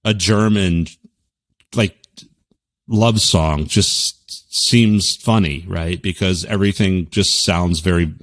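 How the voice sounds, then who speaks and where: A man in casual podcast chat, rambling and profane, with sudden loud bursts of emphasis. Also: deep voice, fairly even intonation, slow pace, no echo.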